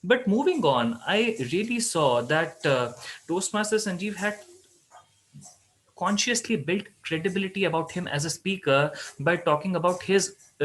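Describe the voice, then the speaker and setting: A man's voice: on the high side, a bit bright, low-quality recording. A man giving a formal, structured evaluation of a speech at an online club meeting. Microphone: video call.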